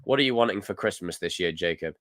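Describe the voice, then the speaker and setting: Animated Scottish man ranting live. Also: sits low, fast talker, dry recording, clean studio sound. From Scotland. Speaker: livestream host. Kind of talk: casual live chat reading comments.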